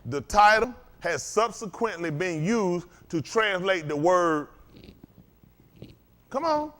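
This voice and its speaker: A man preaching a sermon to a congregation, firing questions at the crowd and swinging between loud and low. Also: expressive, takes it slowly. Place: congregation hall.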